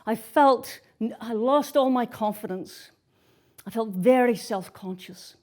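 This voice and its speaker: Soft-spoken woman with a Scottish accent. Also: a little high, slow. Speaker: worship minister. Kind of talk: gentle sermon storytelling.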